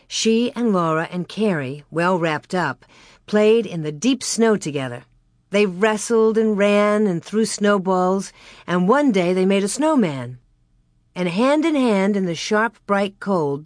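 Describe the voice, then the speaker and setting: A woman reads a storybook aloud, measured and steady, in a mid-range voice. The recording is dry and close, with no room sound. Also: mid-range voice, dry recording. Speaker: audiobook narrator. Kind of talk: scripted narration.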